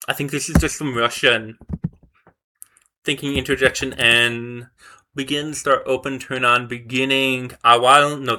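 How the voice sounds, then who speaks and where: A man's voice: mid-range voice, sharp tone. A man thinking aloud as he studies flashcards, muttering, correcting himself and repeating words over and over to memorize them. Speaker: vlogger learning a language. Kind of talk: casual thinking aloud while studying flashcards.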